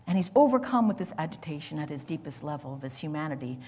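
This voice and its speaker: A woman preacher delivering a sermon with dramatic swings between loud, forceful lines and near whispers. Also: low-pitched, sing-song, quick pace, husky, in a large hall.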